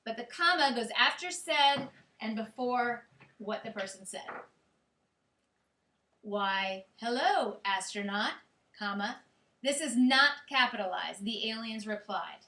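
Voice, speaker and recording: A woman's voice: a little high, slow, sharp tone. A woman teacher giving a grammar lecture in a classroom, explaining step by step and checking in with her students. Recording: echoey classroom.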